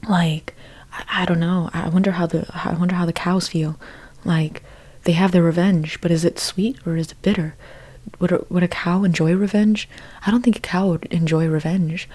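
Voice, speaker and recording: A woman's voice: lowish voice, steady tone, normal speed, darkish tone. A young woman in whispered role-play, rambling through an absurd monologue in a mostly whispered voice, stumbling and restarting often. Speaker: ASMR creator.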